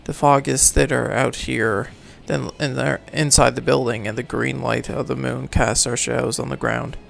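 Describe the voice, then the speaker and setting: A man reading a game's story aloud for a let's play, halting and correcting himself, then signing off casually. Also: mid-range voice, level tone, creaky. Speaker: let's player, reading game text. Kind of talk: reading game narration aloud, casual outro.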